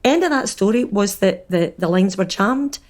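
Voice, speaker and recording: Scottish woman podcast co-host, lively storyteller, mid voice. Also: medium pitch, moderate pace. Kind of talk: casual chat.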